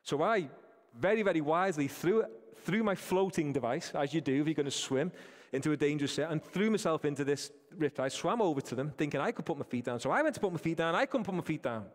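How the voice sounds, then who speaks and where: A man delivers a sermon in an earnest, direct way, calling his listeners folks. His voice sits a little high for a man. The sound carries a long reverb from a large hall. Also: lively intonation, fast. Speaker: preacher. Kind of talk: sermon with a personal story.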